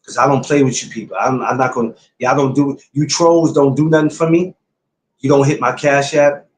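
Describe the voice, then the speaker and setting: A man's voice: medium pitch, fairly even intonation, brisk, reverberant, a little hiss or hum. A man hosting his podcast, talking casually and bluntly to his viewers, repeating his points like a lecture. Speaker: podcast host. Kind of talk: casual livestream talk to viewers.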